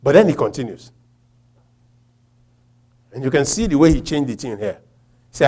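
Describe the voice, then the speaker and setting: A man preaching a sermon, quoting scripture and asking the congregation rhetorical questions, swinging from quiet reflection to loud emphasis. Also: fairly high pitch, sing-song, normal speed, long pauses.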